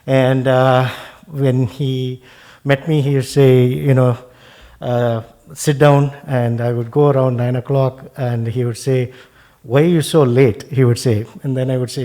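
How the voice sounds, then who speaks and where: Quiet man from Tamil Nadu recalling jokes. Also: mid-range voice. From Tamil Nadu, India. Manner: quiet, with fillers, recounting fond jokes. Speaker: devotee speaking at a memorial. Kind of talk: lighthearted remembrance speech.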